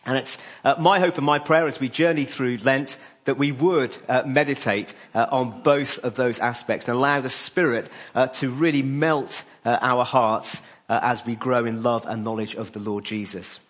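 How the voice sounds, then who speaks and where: A man preaching a sermon, pausing often with "uh" between phrases. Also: medium pitch, fairly even intonation, fairly bright tone, lo-fi sound. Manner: frequent "uh" fillers between phrases.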